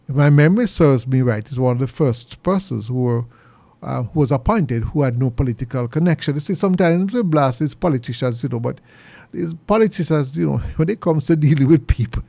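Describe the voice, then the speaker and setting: A middle-aged Jamaican man hosting a commentary show, talking earnestly and preachily, his pitch jumping high when he presses a point. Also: animated, normal speed, gravelly, a little mellow, no echo. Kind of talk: opinion monologue.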